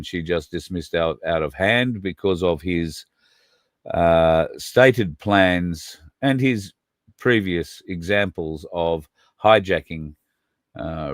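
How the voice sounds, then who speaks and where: A man's voice: low voice, no room sound, studio quality. A man hosting a livestream, talking casually and rambling, addressing viewers by name. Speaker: podcast host.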